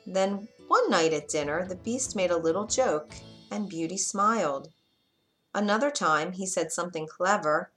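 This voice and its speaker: Woman, storyteller, low-pitched, clear, measured, children's storybook reading. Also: fairly bright tone. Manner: clear, measured read-aloud.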